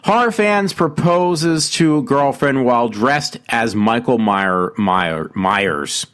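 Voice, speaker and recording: A man's voice: medium pitch, animated, takes it slowly, a bit bright. A man hosting his own casual show, rambling and correcting himself with lots of ums while fiddling with his mic. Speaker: host. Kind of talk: casual solo show chat. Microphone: home mic being adjusted.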